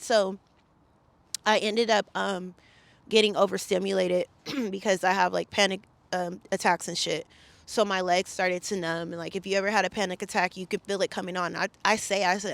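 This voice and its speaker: A woman's voice: mid-range voice, steady tone, normal speed, creaky, fairly bright tone, no echo. A woman from the Bay Area, a podcast guest, recounting a story in an emphatic, profane, heated way. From San Francisco Bay Area. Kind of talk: casual storytelling interview.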